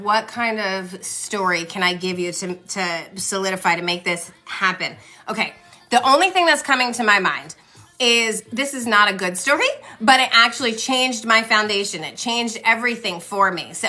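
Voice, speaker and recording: Woman, forties, tarot reader, bright clear voice, chatty and reassuring, phone live stream. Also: medium pitch. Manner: chatty, reassuring, talks to viewers by name. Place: home, livestream.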